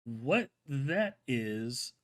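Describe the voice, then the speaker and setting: A man's voice: medium pitch, big pitch swings, drawn-out words. A man hosting a solo live-stream show, chatting casually and enthusiastically, rambling with many restarts and filler words.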